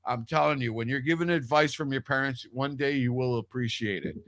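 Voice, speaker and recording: A man's voice: mid-range voice, a little fast, fairly bright tone, no echo. A man telling a long personal story in casual radio chat, rambling with restarts and swearing freely. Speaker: radio show guest.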